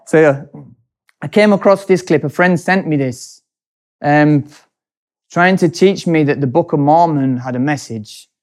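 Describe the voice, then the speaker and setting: A man hosting a casual chat, telling a personal story in an animated way, laughing often and speeding up in bursts. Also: a little high, a little slow.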